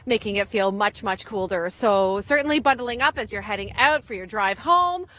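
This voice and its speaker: A woman's voice: mid-range voice, expressive, normal speed, bright, forceful tone. A young woman from Ontario doing a chatty live weather report outdoors in the wind. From Ontario, Canada. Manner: chatty, upbeat, lots of fillers. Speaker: field weather presenter.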